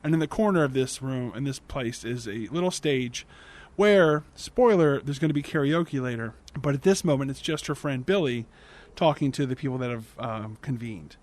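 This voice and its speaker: A man's voice: medium pitch, moderate pace, darkish tone. A man hosting a podcast, recapping a movie plot in a casual, chatty way, often restarting and correcting himself mid-sentence. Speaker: podcast host.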